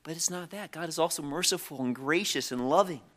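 A man's voice: fairly high pitch, brisk, a bit bright. A man preaching a sermon, reading scripture aloud and often restarting on repeated words.

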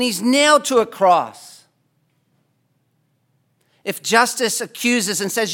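A man preaching a sermon, impassioned, building to loud pleading climaxes. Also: very high-pitched, lively intonation, slow, long pauses.

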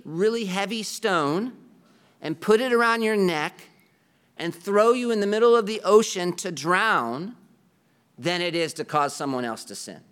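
A man's voice: sits high, a bit bright, smooth. A man preaching a sermon to his congregation in an earnest, conversational way. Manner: earnest, conversational preaching with a self-deprecating aside. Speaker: pastor.

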